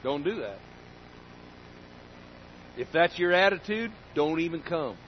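A man delivers a sermon in a high, bright-edged voice, emphatic and folksy, hammering his points by repeating them. The recording is slightly muffled, with a faint low rumble underneath. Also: lively intonation, takes it slowly. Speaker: pastor.

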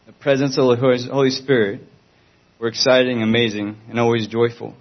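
A man's voice: mid-range voice, level tone, normal speed. Earnest pleading man, dull lo-fi sound. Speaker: Christian testimony speaker. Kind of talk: earnest spoken testimony.

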